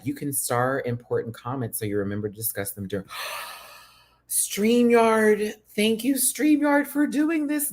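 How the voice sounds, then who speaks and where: A man hosting a casual livestream chat as a drag performer, sassy and chatty, with sudden high-pitched exclamations. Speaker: YouTube host and drag performer.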